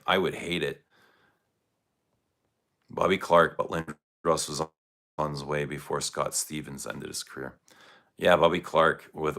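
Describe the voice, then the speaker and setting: Low-voiced guy rambling on a perfume livestream, bright forward tone. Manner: relaxed, rambling, reads out viewer comments. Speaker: fragrance livestream host. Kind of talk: casual livestream chat answering chat.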